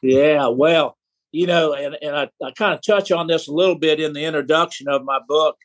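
A man with a Southern American accent, an author talking in an unhurried, folksy way with frequent pauses and hesitations. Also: fairly high pitch. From South Carolina, USA. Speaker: author, guest. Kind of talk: casual interview chat.

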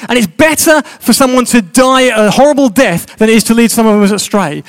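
A man's voice: high-pitched, lively intonation, normal speed, few pauses. A man preaching a sermon, chatty and joking with his congregation.

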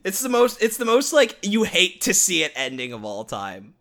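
A young man talks on a podcast in a loose, animated way. His voice is bright and a little high, with a pitch that leaps around as he swears and laughs through stories. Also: moderate pace. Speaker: podcast co-host. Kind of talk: casual podcast chat.

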